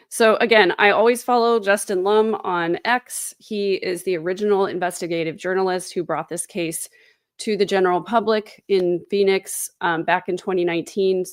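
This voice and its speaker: A woman's voice: fairly low pitch, no echo, studio quality. A woman hosting a casual true crime livestream from home, chatty and sarcastic. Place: home, indoors. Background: dogs.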